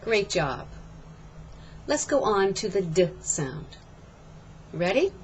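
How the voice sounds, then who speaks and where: Slow, deliberate woman teaching pronunciation. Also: mid-range voice, big pitch swings, lo-fi sound, slight background noise. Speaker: accent reduction coach. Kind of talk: scripted pronunciation lesson.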